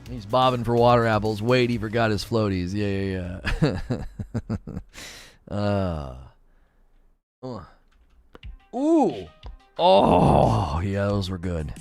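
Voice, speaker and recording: Young guy streaming a game, laughs a ton, swoopy lively voice, faint music under it. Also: on the low side, slow pace, vocal fry, pauses often, no room sound. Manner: chatty, laughs often, mocking jokey asides. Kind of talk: casual gameplay commentary reading chat.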